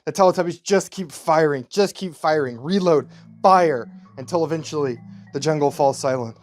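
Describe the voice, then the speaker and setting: A man reading his own screenplay aloud as a YouTuber, in slow, deadpan scene narration. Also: on the high side, faint music behind. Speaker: YouTuber writing a movie script.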